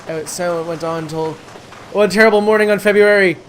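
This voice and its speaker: A gamer reading a story game's text aloud in a slow, soft storybook manner, with game music playing behind. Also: mid-range voice, steady tone, slight background noise. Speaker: let's play gamer.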